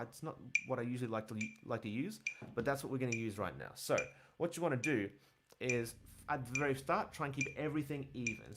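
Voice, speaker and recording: A man teaching bass in a casual livestream, rambling with lots of fillers as he answers questions. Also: heavy background noise. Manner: relaxed, rambling, many fillers, counts and scats rhythms aloud. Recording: bass guitar playing behind.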